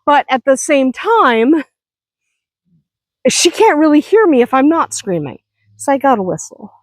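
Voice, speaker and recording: A woman's voice: high voice, very animated, a little slow, no room sound. Chatty woman vlogging from her farm. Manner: chatty, self-deprecating, laughs often. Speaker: vlogger, hobby farm owner. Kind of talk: casual vlog chat.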